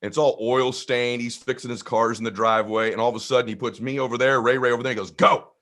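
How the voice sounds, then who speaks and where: Man, guest storyteller, energetic, casual, mid-pitched voice. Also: fast. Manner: energetic, conversational, acts out voices. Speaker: guest speaker. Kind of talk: animated storytelling in conversation.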